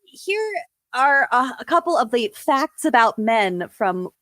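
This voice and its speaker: A woman's voice: fairly high pitch, very animated, measured pace, fairly bright tone, no room sound. A woman co-hosting a podcast in casual chat, sarcastic and laughing as she reads out quotes. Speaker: podcast co-host.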